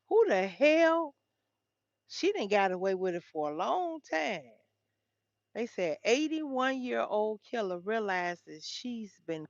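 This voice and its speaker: A woman's voice: mid-range voice, dry recording. Woman livestream host, chatty, talks straight to her viewers, dull dry lo-fi sound. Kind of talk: casual livestream chat reading headlines.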